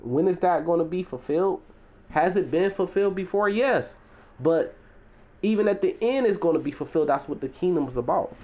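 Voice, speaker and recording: A man's voice: high voice, animated, a little fast, warm tone. A man teaching from the Bible in a casual, conversational way. He leans on "you know" and "right?" and swells into emphatic, preacherly stresses.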